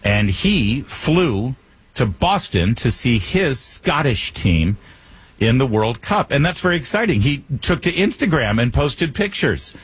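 A man's voice: medium pitch, big pitch swings, unhurried, slightly rough. A male talk radio host delivering a joking monologue in a wry, teasing manner, slipping in puns.

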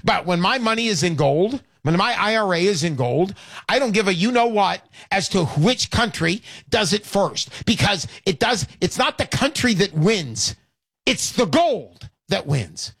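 A male radio show host giving an emphatic, repetitive, hard-selling pitch between calls. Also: big pitch swings, measured pace, a bit bright, no room sound, clean studio sound. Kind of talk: talk radio sales pitch.

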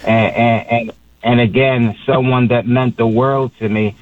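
A man's voice: mid-range voice, steady tone, unhurried, dry recording. A middle-aged man from Puerto Rico speaking as a radio guest, passionate and rambling, with many restarts. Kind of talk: emotional phone interview. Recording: tinny phone line.

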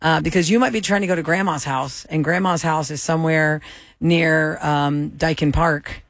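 A woman's voice: low voice, normal speed, no room sound, studio quality. A woman hosting a radio show, chatting and laughing through the banter. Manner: chatty, animated, laughs often.

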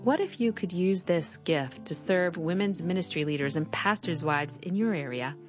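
A woman host closes the program with a friendly, scripted appeal. Her voice is slightly low. Guitar music plays clearly beneath her. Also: moderate pace. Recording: music bed under the voice.

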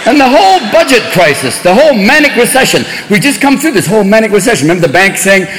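A man doing stand-up comedy on a live stage, manic and rapid-fire, jumping into many voices. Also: high voice, very animated, in a large hall. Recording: noisy live show with a loud crowd.

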